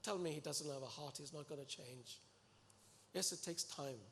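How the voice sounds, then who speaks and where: A man preaching a sermon to a congregation, earnest and animated, pleading and exhorting his listeners. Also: fairly high pitch, moderate pace, vocal fry, a little hiss or hum. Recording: echoey hall with long reverb.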